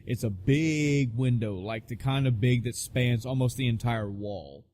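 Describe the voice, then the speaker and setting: A man co-hosting a casual podcast, spinning a long anecdote. He swears freely and jumps into quoted voices as he goes. His pitch sits in a middling range for a man. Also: unhurried. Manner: profane, animated storyteller acting out quoted voices. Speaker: podcast co-host. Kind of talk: casual storytelling chat.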